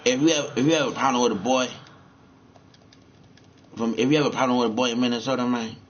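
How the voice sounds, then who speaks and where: A man's voice: medium pitch, fairly even intonation, fast talker, dull audio. A man rambling and cursing as he comments on a game he is playing, often repeating himself. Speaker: gamer.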